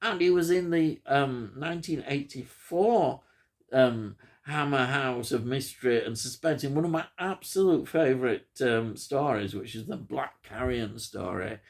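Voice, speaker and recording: A man's voice: mid-range voice, measured pace, creaky. A man, reviewing a film in a rambling, enthusiastic chat full of ums.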